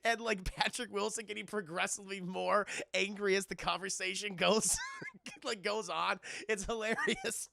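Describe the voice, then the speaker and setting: A man casually recapping a film for a live chat, animated and laughing as he acts out scenes. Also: high voice, moderate pace, gravelly, dry recording, clean studio sound. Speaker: streamer reviewing a film.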